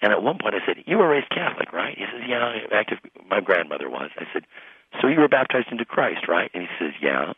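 A man who is a pastor, telling stories in a radio interview with lively retelling of conversations. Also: fairly low pitch, fairly quick, husky, dry recording. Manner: animated storyteller, acts out quoted voices. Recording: tinny phone-line sound.

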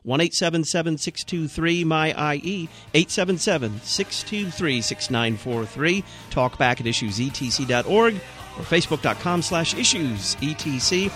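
A man hosting a live radio talk show, briskly reading out phone numbers, contest prizes and contact details. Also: fairly high pitch, expressive, a bit bright, faint music behind. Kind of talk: radio host announcements. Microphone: studio mic.

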